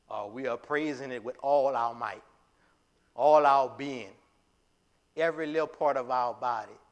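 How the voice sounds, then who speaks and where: In a mid-range voice, a man gives a sermon that sounds like a conversation, crowded with fillers and false starts. Every so often he bursts into loud, forceful lines.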